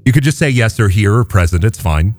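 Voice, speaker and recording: A man's voice: lowish voice, lively intonation, brisk, darkish tone, in a large hall, natural voice. A man doing a prim female compliance officer. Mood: polite. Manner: bureaucratic, overly polite. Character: polite female compliance officer of a shady firm.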